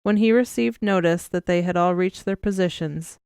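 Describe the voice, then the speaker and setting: A woman reads an audiobook with a smooth, clear, slightly low voice. Her telling is even and measured. The recording is close and dry. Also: no echo. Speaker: audiobook narrator. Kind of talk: scripted narration.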